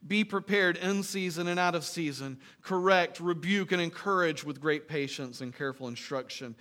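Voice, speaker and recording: A man pastor preaching a sermon in a church, earnest and emphatic, dropping into quiet, joking asides. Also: on the high side, moderate pace, few pauses.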